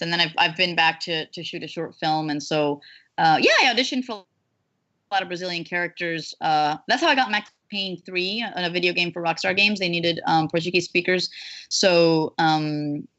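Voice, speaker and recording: A woman voice actress chatting as an interview guest, animated, with lots of fillers and restarts. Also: lowish voice, moderate pace, highs cut off. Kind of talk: casual interview chat.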